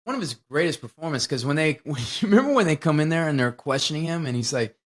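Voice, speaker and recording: A man co-hosting a podcast, talking casually about a film and retelling its scenes in an animated, profane way. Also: on the high side, fast talker. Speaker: podcast co-host.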